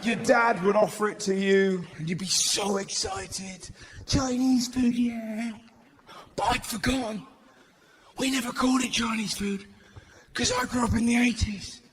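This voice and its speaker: A man doing stand-up comedy, brash and swearing, with shouted put-on voices. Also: sits high, normal speed. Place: large live venue. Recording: roomy live recording with audience noise.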